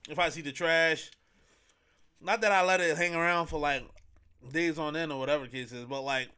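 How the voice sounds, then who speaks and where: A man's voice: a little high, fairly even intonation, fairly quick, sharp tone, smooth. A young man hosting a podcast, telling a personal story in casual, slangy, rambling talk full of fillers. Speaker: podcast host.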